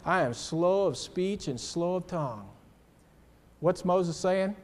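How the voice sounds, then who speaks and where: Emphatic preacher man, slightly high voice. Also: lively intonation, slow, big-room sound. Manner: emphatic, asks the class rhetorical questions; storytelling, personal asides. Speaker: church class teacher. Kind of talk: sermon. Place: church classroom.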